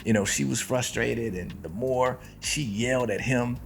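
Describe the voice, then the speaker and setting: A man's voice: medium pitch, normal speed, vocal fry. A man co-hosting a podcast, telling a personal story in casual chat with frequent laughs. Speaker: podcast co-host.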